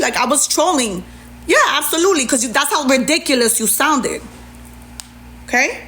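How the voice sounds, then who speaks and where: A woman's voice: high-pitched, normal speed, a bit bright. A middle-aged woman ranting sarcastically on a live stream, reading messages aloud and answering them with indignation. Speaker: livestreamer. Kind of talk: heated TikTok live rant.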